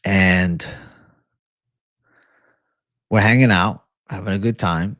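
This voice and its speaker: A man hosting a casual livestream and chatting with viewers, animated and profane. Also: low voice, slow, no echo, clean studio sound. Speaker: livestream host.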